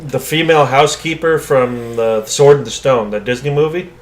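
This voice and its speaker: A man's voice: mid-range voice, normal speed. A man co-hosting a podcast, chatting casually and opinionatedly about an old movie, swearing freely. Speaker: podcast co-host.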